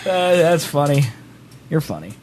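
A high-pitched man keeps up a playful, teasing banter, his voice bouncing lively up and down. He laughs easily, and a faint noise floor hums under the recording. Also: measured pace. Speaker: stream host. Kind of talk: casual chat.

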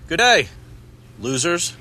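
An actor playing a loudmouth American city kid who puts on a bad Australian accent in a movie trailer. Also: male voice, on the high side, big pitch swings, slow, background noise. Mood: cocky. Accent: bad put-on Australian.

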